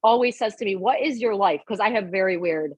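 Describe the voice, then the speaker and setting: A woman hosting a casual conversation, telling stories in an animated way and laughing often. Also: mid-range voice, brisk, breathy edge, no echo. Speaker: host.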